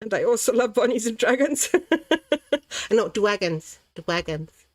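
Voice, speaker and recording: Relaxed chatty woman from Latvia. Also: on the high side, normal speed. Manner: chatty and easily amused, reading out comments while working; relaxed, thinking aloud about her colouring. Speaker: livestream host colouring while chatting. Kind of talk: casual livestream chat.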